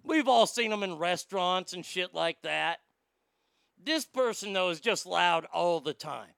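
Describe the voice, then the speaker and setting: A man's voice: high voice, lively intonation, unhurried, vocal fry, fairly bright tone, clear, resonant tone, no echo, clean studio sound. A man hosting a comedy podcast, ranting bluntly and profanely while answering listener mail. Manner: blunt, swearing, riffing storyteller. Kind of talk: profane comedic advice rant.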